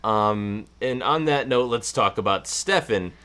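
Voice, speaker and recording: Slow-talking low-voiced man. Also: lively intonation, sharp tone, clean tone. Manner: hesitant, stammering restarts. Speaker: podcast co-host. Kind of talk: casual film review chat.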